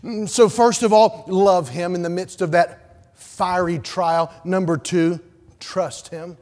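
A pastor preaching a sermon, swelling to loud fervor and then dropping to soft, hushed pleading. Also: male voice, high-pitched, steady tone, takes it slowly. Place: church sanctuary. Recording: long hall reverb.

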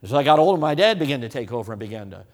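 A man's voice: medium pitch, big pitch swings, racing. A man from the United States preaching a sermon, emphatic and repetitive, often calling his listeners friends. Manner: emphatic, repeats points, addresses the crowd as friends. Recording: long hall reverb.

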